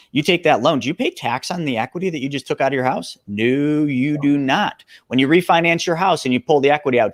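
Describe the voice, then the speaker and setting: A man's voice: medium pitch, dry recording, studio quality. A man in his forties, a guest expert on a podcast interview, talking with energy and emphasis and calling the listeners folks. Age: 40s.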